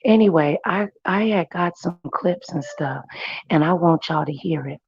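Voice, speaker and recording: A woman host who has lost her voice, hoarsely chatting with her viewers and greeting them by name. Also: on the low side, moderate pace, a little mellow, a little hiss or hum. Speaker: livestream commentary host. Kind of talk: casual chat. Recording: dry, muffled stream audio.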